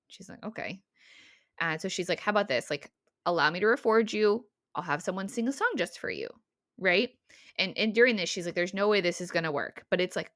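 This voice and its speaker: A lower-voiced woman co-hosts a casual book podcast, retelling scenes with animated bursts and quick character lines. The sound is dry and close, with no room behind her. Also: dry recording. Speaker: podcast co-host.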